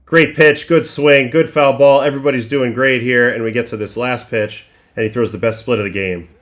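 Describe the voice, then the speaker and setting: A middle-aged man hosting a livestream, casually breaking down baseball pitches one by one and thinking aloud with restarts and fillers. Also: steady tone, brisk, a bit bright. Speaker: livestream host breaking down game film.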